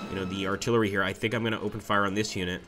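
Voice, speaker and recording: A man with a somewhat low voice narrates his strategy game live, relaxed and conversational, reading out viewer messages as he plays. Bursts of excitement break through when the battle turns his way. Faint music plays softly underneath. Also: racing. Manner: chatty, reacts excitedly to the game and reads chat aloud. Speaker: streamer playing a strategy game. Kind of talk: live gameplay commentary.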